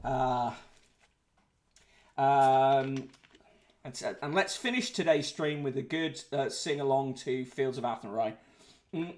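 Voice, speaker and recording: A man's voice: mid-range voice, takes it slowly, pauses often, darkish tone. A man hosting a casual livestream, reading out newspaper headlines and chat comments with sardonic asides, swearing and frequent fillers. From United Kingdom.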